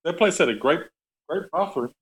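A man's voice: a little high, animated, moderate pace. A man making teasing, joking asides in a casual chat. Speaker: podcast guest.

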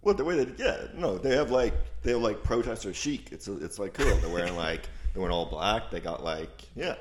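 Deep-voiced male co-host, thinks aloud with halting restarts, relaxed banter. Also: background noise. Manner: musing, hesitant, full of restarts and "like". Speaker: podcast co-host. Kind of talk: casual comedic banter.

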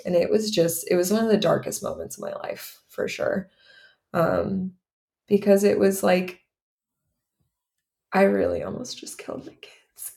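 Low gravelly-voiced woman telling her story. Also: steady tone, unhurried, mellow. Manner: candid, run-on telling with many "like"s. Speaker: podcast co-host. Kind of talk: personal storytelling on a podcast.

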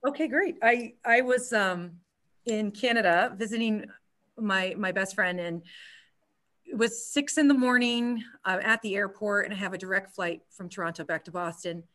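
Bright, chatty woman yoga teacher. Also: mid-range voice, moderate pace. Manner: chatty, animated, frequent restarts and laughs. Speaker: yoga instructor and guest. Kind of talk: casual interview storytelling.

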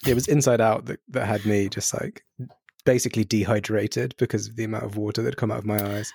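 Gravelly, thoughtful male podcast host. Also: on the low side, fairly even intonation, a little mellow, no echo. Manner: slow, thoughtful, hesitant phrasing. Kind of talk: casual podcast interview.

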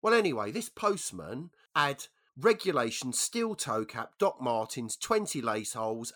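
Animated man telling jokes. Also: medium pitch, a little slow. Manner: animated storyteller. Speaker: podcast host. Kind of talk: casual chat and joke telling.

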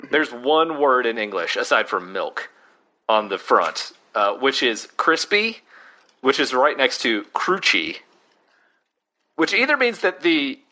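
A man's voice: mid-range voice, big pitch swings, slow pace, sharp tone. A man co-hosting a casual snack-tasting chat, dry and wry as he picks the snack apart. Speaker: podcast co-host.

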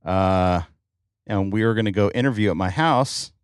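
A middle-aged man hosting a casual podcast chat in a car, joking and excitable, with many fillers. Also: on the low side, moderate pace, clear, resonant tone, dry recording, studio quality. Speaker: podcast host. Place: in a car in traffic.

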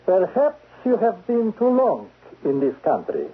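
A man playing a cold, menacing foreign spy chief in a 1970s radio drama, clipped and husky. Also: high voice, wildly swooping pitch, measured pace, full character voice. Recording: dull lo-fi radio broadcast.

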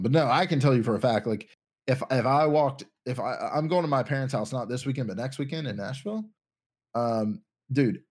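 A young man co-hosting a casual podcast chat, rambling and thinking aloud with lots of restarts. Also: medium pitch. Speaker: podcast co-host.

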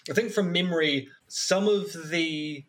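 A man's voice: on the high side, a little slow, a bit bright. A man co-hosting a podcast, making wry jokes and reading a text aloud. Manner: wry, jokey interjections. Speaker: podcast co-host. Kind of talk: casual chat and reading aloud.

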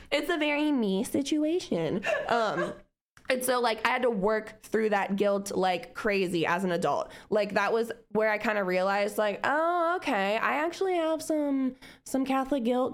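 A young woman co-hosting a podcast, speaking candidly in casual chat, swearing freely and acting out her past self with laughs. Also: mid-range voice. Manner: candid and profane, laughs between remarks; lively, acts out her past self in quotes. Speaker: podcast co-host.

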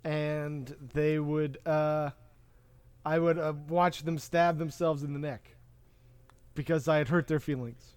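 A man with a high voice talks through a film recap in a loose, rambling way, filling pauses with "uh" and "like". The recording is dry and close, with no room sound at all. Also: flat delivery, a little mellow, smooth, no room sound. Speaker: podcast co-host. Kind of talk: casual movie chat.

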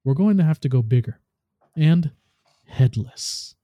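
Scheming robot ghost voiced by a man, smooth bargaining talk, very dark mellow tone, dry close sound. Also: on the high side, animated, measured pace, no echo.

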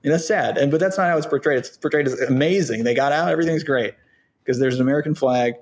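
A man's voice: on the high side, fast talker. Opinionated man explaining on a podcast. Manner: opinionated, explanatory, thinking aloud. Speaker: podcast host. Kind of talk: casual podcast discussion.

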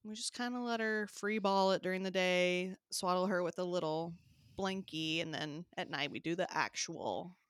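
Co-hosting a casual podcast chat, this thirtysomething woman from the American South laughs frequently and peppers her speech with "like." Her voice is fairly low and fairly even in intonation, clean-toned at a moderate pace, recorded in the studio without echo.

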